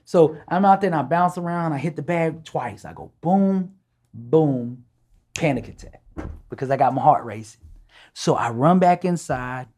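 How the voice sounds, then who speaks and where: A man telling a personal story as a podcast guest, animated and casual, acting out dialogue and often checking in with "right?". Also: on the high side, moderate pace. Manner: animated, acts out dialogue, tags lines with "right?"; casual speech with "ain't" and "gonna".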